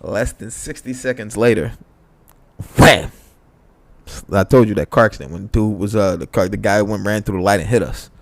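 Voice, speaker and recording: Telling a story on a podcast he co-hosts, a young man swears freely and acts out quotes in a raised voice, keeping the chat casual and animated. His lowish voice is creaky and moves at a moderate pace.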